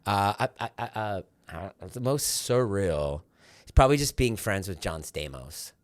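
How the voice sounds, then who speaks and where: This forties-aged podcast guest has a lowish voice and keeps a measured pace on a dry recording. Telling stories in relaxed conversation, he gets animated and performs others' quotes at full volume.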